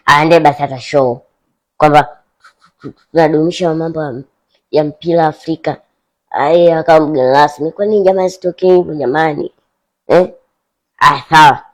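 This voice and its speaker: A man's voice: on the high side, steady tone, a little fast, long pauses. A man from Tanzania, giving joking commentary in a teasing, sarcastic way and tossing out rhetorical questions.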